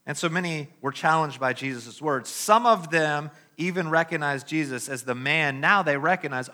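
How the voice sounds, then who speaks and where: Brief: preacher, man, slightly high and bright; swings between emphatic reading and soft asides. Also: normal speed, hardly any pauses. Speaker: pastor. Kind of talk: sermon.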